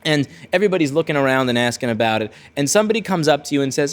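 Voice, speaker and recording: A man's voice: a little high, animated, very fast, few pauses. Rambling man telling a story. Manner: rambling, self-correcting, blunt. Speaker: repair-shop video host. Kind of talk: casual storytelling monologue.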